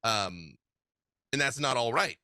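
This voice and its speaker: Animated man with a bright, dry voice. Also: medium pitch, slow, clean tone, dry recording. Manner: animated storyteller, laughs often. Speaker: guest game master. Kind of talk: casual interview chat.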